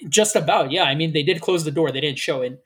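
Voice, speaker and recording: A man's voice: a little high, fast talker, fairly bright tone, breathy edge. A man in a casual chat, telling a rambling story full of fillers and acting out the people in it. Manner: rambling storyteller, acts out quoted officers, many fillers.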